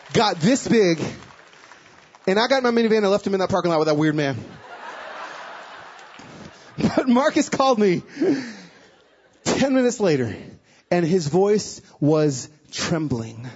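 A male guest speaker preaching a sermon, telling stories in an animated way and acting out the dialogue. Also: high-pitched, unhurried, pauses often, muffled recording, slight background noise. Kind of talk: sermon with storytelling.

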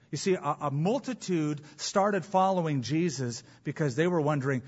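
Husky, emphatic preacher man. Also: a little high, animated, muffled recording. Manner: emphatic preaching with dramatic pauses and repetition. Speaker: pastor. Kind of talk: sermon.

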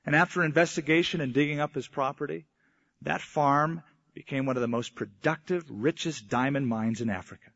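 A man's voice: on the high side, fairly quick, creaky, a bit bright. A man preaching a sermon, telling a story and voicing the people in it, sometimes in mock old English. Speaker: pastor. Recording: dull lo-fi sound.

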